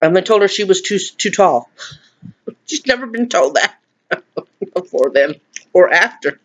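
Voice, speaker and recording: A man's voice: high voice, animated, measured pace, dull audio. A middle-aged man in a chatty eating vlog, rambling and laughing as he talks to viewers. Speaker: vlogger. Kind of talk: mukbang chat, eating on camera.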